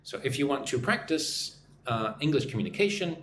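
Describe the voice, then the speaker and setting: A man's voice: mid-range voice, animated, moderate pace. An American man teaching English on a live stream, chatting and reading viewer comments aloud. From United States. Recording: echoey room with faint background noise.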